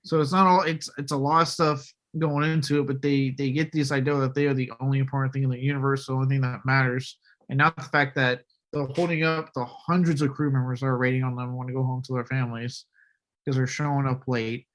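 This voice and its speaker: A man in casual podcast chat, rambling and swearing, breaking into loud acted-out bits. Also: mid-range voice, level tone, fast talker. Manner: rambling, profane, acts out shouted bits.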